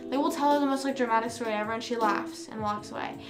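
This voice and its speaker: A woman's voice: fairly high pitch, fast talker. Rambling young woman streamer, roomy sound. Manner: rambling, self-correcting, many fillers. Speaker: livestream host. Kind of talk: casual chat with live viewers. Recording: roomy sound with music behind. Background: music.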